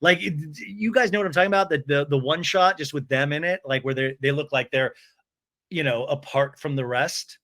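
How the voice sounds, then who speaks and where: A male podcast host giving a comedic reality TV recap, animated and jokey, acting out the lines he quotes. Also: a little high, a little fast.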